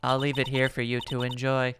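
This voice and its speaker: A woman voicing a creepy, quiet female secretary who speaks low and softly with menacing politeness. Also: completely flat delivery, fairly quick, soft background music. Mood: ominous hush.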